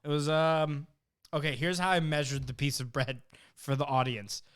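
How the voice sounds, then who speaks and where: Co-host, male, smooth resonant voice, higher than most, animated storyteller, swears a lot. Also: normal speed. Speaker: podcast co-host. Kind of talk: casual chat.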